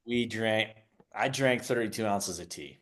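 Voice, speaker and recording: A man's voice: lowish voice, measured pace, fairly bright tone. A man co-hosting a casual podcast, talking bluntly and firmly about coaching. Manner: blunt, firm coaching talk. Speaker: podcast co-host. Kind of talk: casual chat.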